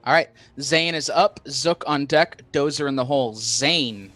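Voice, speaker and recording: A man running a tabletop game as game master, briskly calling turns and narrating the action casually. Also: mid-range voice, a bit bright, faint music behind.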